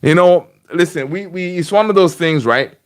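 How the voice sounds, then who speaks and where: A man's voice: high-pitched, moderate pace. A man hosting a casual football fan livestream from home, chatty and rambling, greeting viewers and answering the chat. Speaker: fan channel host. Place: home room.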